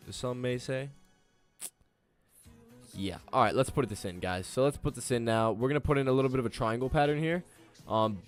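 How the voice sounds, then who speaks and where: A young man sits at his trading screens and talks to his live viewers in a loose, joking way. His pitch sits in the middle range, and faint music plays softly behind him. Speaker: livestreaming day trader. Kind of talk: casual live stream chat.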